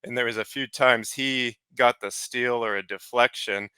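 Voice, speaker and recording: A man co-hosting a sports podcast, giving steady, analytical game breakdowns. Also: mid-range voice, moderate pace, clear, resonant tone, dry recording. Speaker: podcast co-host.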